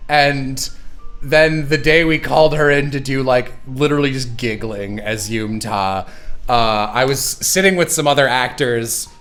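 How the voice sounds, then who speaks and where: A man's voice: medium pitch, moderate pace, fairly bright tone, soft background music. A man hosting a casual livestream chat, retelling stories with lots of laughter and quoted voices. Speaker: show creator and stream host.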